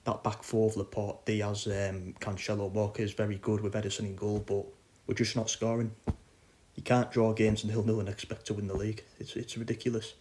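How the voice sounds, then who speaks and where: A man's voice: fairly low pitch, flat delivery, fairly quick, darkish tone. Frustrated man ranting. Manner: frustrated, blunt, swears. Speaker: football fan podcaster. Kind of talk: casual ranting chat.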